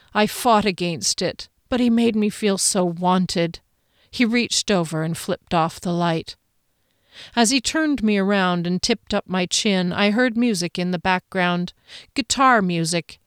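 A woman's voice: mid-range voice, clean tone, no echo, clean studio sound. A woman reading a first-person audiobook in a conversational, wry storytelling manner. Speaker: audiobook narrator.

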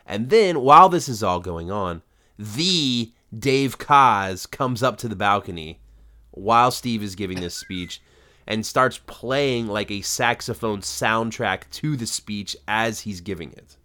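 Guy w a lowish voice, laid back podcast chat, rambly w lots of ums. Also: a little slow. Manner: relaxed, rambling with fillers. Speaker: podcast co-host. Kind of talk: casual recap chat.

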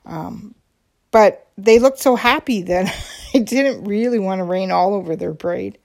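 Unhurried, hesitant woman podcaster. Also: mid-range voice, creaky. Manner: hesitant, frequent ums and restarts; candid, confiding. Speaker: podcast host. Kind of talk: personal storytelling monologue.

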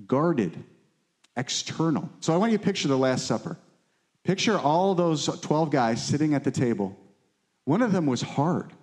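Male pastor, conversational sermon, mid-pitched voice, keeps asking the room if they follow. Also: darkish tone. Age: adult, married. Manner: conversational preaching, frequent "right?" check-ins.

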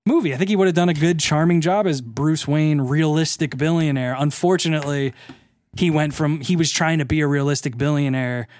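Joking co-host, dry close sound. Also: male voice, fairly high pitch, dry recording. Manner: joking, animated, quick asides. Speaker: podcast co-host. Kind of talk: casual chat.

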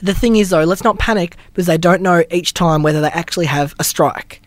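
A man's voice: high-pitched, brisk, no room sound. A man co-hosting a podcast, laid-back and joking as he recaps events in casual chat. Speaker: podcast co-host.

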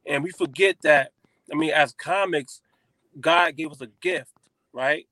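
A man who is a comedian, telling stories in animated casual chat with plenty of swearing. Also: on the high side, measured pace, dry recording. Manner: animated storytelling with frequent profanity.

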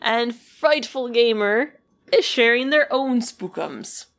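A woman's voice: a little high, animated, slow pace, vocal fry, fairly bright tone. A woman co-hosting a podcast, chatting casually and retelling a listener's spooky story with lots of "like"s. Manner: chatty, filler-heavy with many "like"s. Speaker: podcast co-host.

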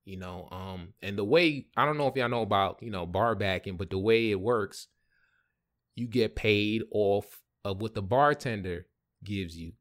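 A man hosting a podcast, telling a story in a casual, animated way with lots of slang and swearing. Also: on the low side, normal speed. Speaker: podcast host.

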